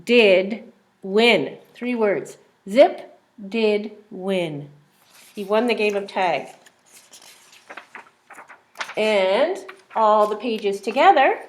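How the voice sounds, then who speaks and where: A woman's voice: on the high side, slight background noise. A woman teacher reading a simple phonics book aloud to young children, sounding out words and asking questions.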